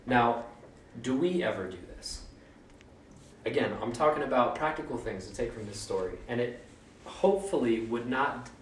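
In a lowish voice, a preacher keeps his sermon casual and playful, putting on silly voices when quoting. The mic sits far off, catching room echo along with slight background noise.

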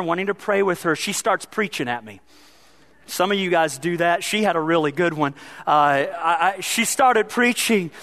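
High-voiced preacher, heartfelt and building. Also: male voice. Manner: heartfelt, repeating phrases, building to loud emphatic passages. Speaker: pastor. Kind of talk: sermon.

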